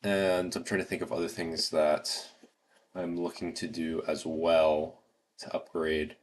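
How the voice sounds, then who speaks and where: A man's voice: extremely low pitch, level tone, a little slow. A man with an American accent hosting a casual livestream, rambling with lots of fillers and restarts. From United States. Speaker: livestream host.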